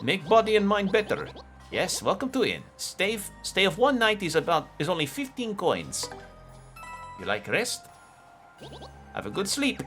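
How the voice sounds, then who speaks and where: Guy doing a broken-english bob-omb villager in a jokey russian-style accent, clipped little lines, soft music under it. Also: sits high, wildly swooping pitch, a little slow, long pauses, voice pushed up, full character voice. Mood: friendly. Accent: mock Russian-style. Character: male Bob-omb villagers in snowy outpost.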